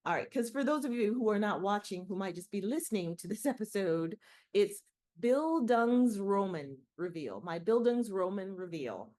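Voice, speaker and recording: A woman's voice: medium pitch, animated, moderate pace, dark tone. A woman co-hosting a podcast, chatting easily about books and films. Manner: easygoing, light laughs between remarks. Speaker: podcast co-host. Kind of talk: casual book discussion.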